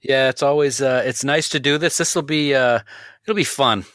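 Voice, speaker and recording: Bright-voiced joking podcast co-host. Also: male voice, mid-range voice, normal speed, no room sound, studio quality. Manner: playful ribbing, chuckling. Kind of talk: casual podcast banter.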